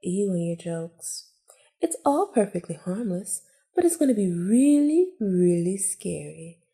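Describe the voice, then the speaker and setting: A woman's voice: medium pitch, big pitch swings, a little slow, dark tone. A woman reading aloud a scheming, vengeful young woman from a cafe game, in a theatrical, gleeful manner.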